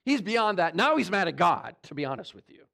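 High-voiced man preaching a sermon. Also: big pitch swings, brisk, gravelly, pushed and bright. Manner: conversational preaching, asks the congregation questions; dramatizes voices of God and Jonah in quotes. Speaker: pastor.

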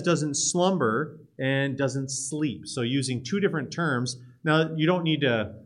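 A man teaching a psalm in casual classroom style, lively and emphatic, with frequent restarts and asides. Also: mid-range voice. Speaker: Bible teacher.

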